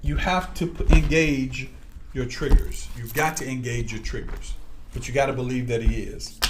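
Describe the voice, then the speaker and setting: A man's voice: mid-range voice, fairly even intonation, normal speed, background noise. A man preaching to his listeners, telling personal stories and repeating his points with emphasis. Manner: emphatic, repetitive, talks straight to listeners. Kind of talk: preaching with storytelling.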